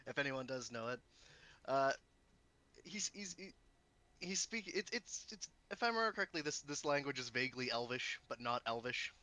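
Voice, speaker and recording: A man playing a tabletop role-playing game, explaining his character's actions with frequent halting restarts. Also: medium pitch, lively intonation, bright, forceful tone. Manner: halting, stumbling over words. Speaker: player. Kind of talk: casual tabletop play.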